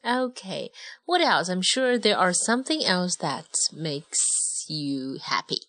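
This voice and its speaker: A woman reads a bedtime story at an unhurried, deliberate pace. Her pitch sits low but swings widely as she stresses words. The sound is close and dry, with no room around it. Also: sing-song, no room sound. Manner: gentle, teacherly, switches between English and Mandarin. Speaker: host reading stories with a child. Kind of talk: bilingual storybook reading.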